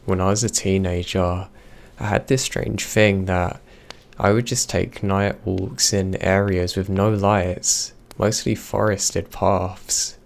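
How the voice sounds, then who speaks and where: Very deep gravelly guy reading a scary story real slow. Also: fairly even intonation. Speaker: horror story narrator. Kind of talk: scripted narration of reader-submitted horror stories.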